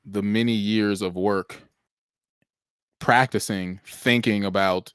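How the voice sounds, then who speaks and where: Reflective low-voiced man, casual podcast chat. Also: fairly even intonation, slow, a bit bright, smooth, dry recording, clean studio sound. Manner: reflective, thoughtful, often says "like". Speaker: podcast co-host.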